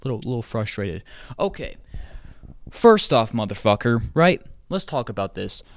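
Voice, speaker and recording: A man's voice: medium pitch, very animated, moderate pace. A man ranting in an online commentary video, exasperated and swearing heavily as he jumps between tangents. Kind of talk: profane commentary rant.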